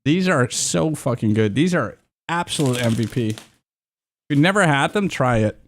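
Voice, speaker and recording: A man's voice: mid-range voice, moderate pace. A young man chatting casually on a livestream, rambling and swearing freely. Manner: excitable, swears a lot, rambling.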